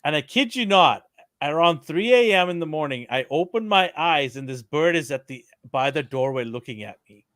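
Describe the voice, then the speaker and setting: A man co-hosting a podcast, telling a story in casual chat, animated and laughing, acting out the quotes. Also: a little high, normal speed, no echo, clean studio sound. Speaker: podcast co-host.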